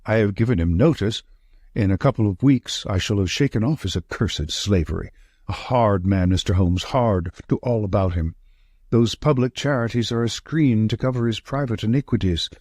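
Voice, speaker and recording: A man's voice: lowish voice, moderate pace, darkish tone, no room sound, studio quality, lightly acted. A man doing a breathless, frightened manager. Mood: urgent. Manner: breathless, urgent short sentences. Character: nervous, frightened thin male estate manager.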